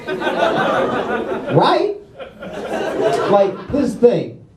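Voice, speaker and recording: A man from Louisiana doing a stand-up set, self-deprecating, tagging lines with quick "all right?" and "okay?" asides. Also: very high voice, huge pitch swings, distant mic. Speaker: stand-up comedian. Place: comedy club stage with a live audience. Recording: roomy venue audio with crowd laughter.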